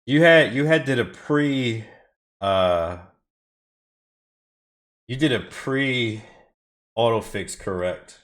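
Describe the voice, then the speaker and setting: A man's voice: medium pitch, expressive, slow, long pauses, fairly bright tone. A man live-streaming racing time trials from home, chatting casually with his viewers, rambling and swearing often as he drives. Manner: rambling, swears often, talks back to chat. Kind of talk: casual live-stream chat while driving.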